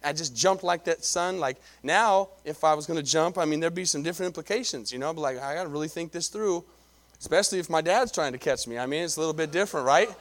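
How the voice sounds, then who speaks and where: A man's voice: fairly high pitch, fast talker. A middle-aged man, a pastor delivering a sermon in a conversational way, often repeating himself and calling for amens.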